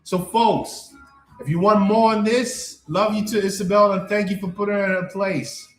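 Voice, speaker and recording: A man's voice: high-pitched, steady tone, moderate pace, echoey room, soft background music. A man coaching on a live stream, answering chat in an emphatic, repetitive way and often checking that listeners follow him.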